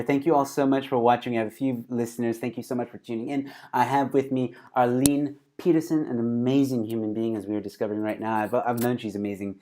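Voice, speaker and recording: Man, talk show host, hesitant, filler-heavy, video call, mid pitch. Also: flat delivery, quick pace, hardly any pauses, warm tone. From South Africa. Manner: hesitant, many fillers and restarts. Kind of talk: casual interview chat.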